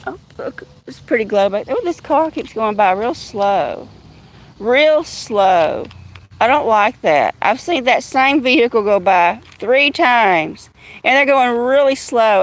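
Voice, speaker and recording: A woman's voice: animated, unhurried, creaky. A woman chatting casually on a livestream outdoors in the evening, cooing at cats now and then. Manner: chatty, coos high at cats. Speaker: livestream host.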